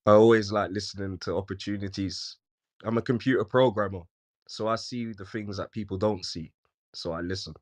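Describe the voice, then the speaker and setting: Laid-back British man, lowish voice. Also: fairly even intonation, a little fast. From United Kingdom. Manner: laid-back, brief answers. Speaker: caller from the audience.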